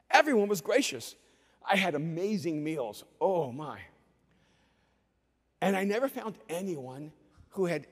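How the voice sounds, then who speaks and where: A male pastor delivers a sermon, telling stories in an animated way. His voice sits high for a man. It carries through a large hall with a long reverb. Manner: storytelling, animated.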